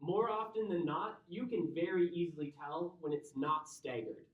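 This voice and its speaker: A man's voice: a little high, moderate pace. A man with a Midwestern accent teaching a chemistry class, explaining step by step and checking in with his students. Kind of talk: classroom lecture. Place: lecture classroom. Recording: roomy, dull lo-fi classroom recording.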